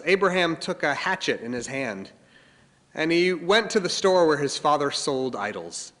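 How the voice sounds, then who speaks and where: A man telling a religious story in a lecture, animated and dramatic. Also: a little high. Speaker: speaker. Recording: long reverb of a large hall.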